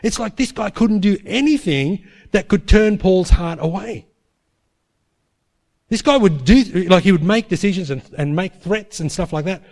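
A man preaching a sermon, telling a story emphatically and dropping to a hush for quoted prayers. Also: high voice, animated, normal speed.

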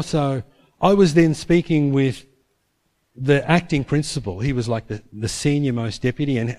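A school chaplain, telling a personal story in an animated, self-deprecating way. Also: male voice, mid-range voice. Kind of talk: storytelling testimony.

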